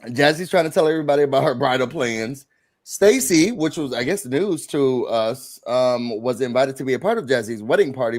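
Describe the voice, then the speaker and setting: A man hosting a live show recap, chatting casually and acting out quotes with sudden loud bursts. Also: medium pitch. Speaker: host.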